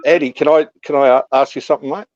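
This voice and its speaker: A man's voice: a little high, steady tone, rapid-fire, darkish tone, dry recording. A man hosting a livestream, asking blunt questions in casual chat. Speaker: livestream host. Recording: dull lo-fi audio.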